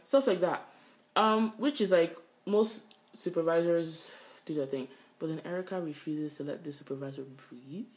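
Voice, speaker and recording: A woman's voice: low voice, moderate pace, darkish tone. A woman co-hosting a podcast, telling a workplace story in casual chat, swearing freely. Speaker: podcast co-host. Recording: roomy echo.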